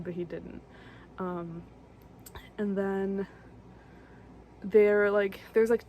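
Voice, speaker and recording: Young woman, casual chatty recap, lots of fillers, mellow tone, vocal fry. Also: medium pitch, slight background noise. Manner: chatty, full of fillers and asides. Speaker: vlogger recapping films.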